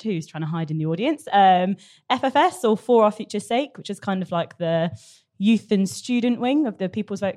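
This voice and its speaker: A woman's voice: mid-range voice, darkish tone. A young woman co-hosting a podcast, talking casually and laughing easily. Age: young adult. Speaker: podcast co-host. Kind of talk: casual chat.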